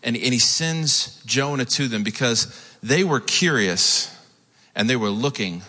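A man's voice: medium pitch, animated, a little slow, bright, forceful tone. A man preaching a sermon as a pastor, retelling a story in a casual, conversational way with asides. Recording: echoey hall.

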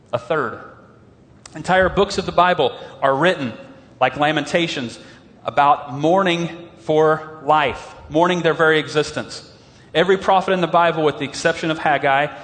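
A man preaching a sermon as pastor, earnest and animated, slowing down on emphatic phrases. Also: on the high side, in a large hall.

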